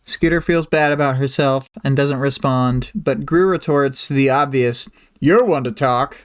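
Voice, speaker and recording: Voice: mid-range voice, a little slow, clear, resonant tone. A livestream host casually summarizing and discussing a chapter in a rambling, hesitant way.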